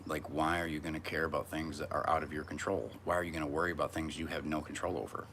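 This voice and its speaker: A man's voice: extremely low pitch, steady tone, fast talker, fairly bright tone, a little hiss or hum. A man vlogging from a back porch outdoors, talking in a brash, profane, rambling monologue.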